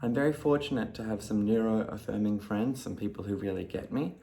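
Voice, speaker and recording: A man in a casual talk to camera, calmly explaining, with his voice jumping loud and high when he acts out his own replies. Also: fairly quick, creaky, background noise. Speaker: video creator talking about ADHD.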